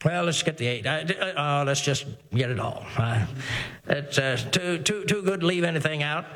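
High-voiced man preaching a sermon. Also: normal speed, fairly bright tone. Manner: earnest, repetitive preaching with stammered restarts; reads scripture in old-fashioned wording. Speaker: pastor.

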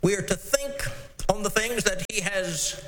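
A man preaching a sermon, reading scripture slowly and stressing single words. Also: high voice, a bit bright, slight background noise. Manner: measured, emphatic scripture reading. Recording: long hall reverb.

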